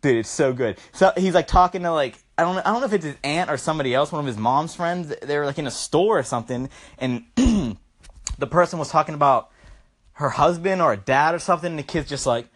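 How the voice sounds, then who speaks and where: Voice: medium pitch, animated, a little fast. A speaker reviewing a movie in a casual, rambling, profane way.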